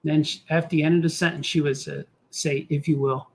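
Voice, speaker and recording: A middle-aged man hosts a drawing stream, rambling in a goofy, self-talking way. His voice sits a touch high and carries a husky edge. He drifts from joke to joke as if nobody were listening. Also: level tone, fairly quick. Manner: goofy, talks to himself, does silly voices. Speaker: cartoonist host drawing on stream. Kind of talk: rambling casual chat while drawing.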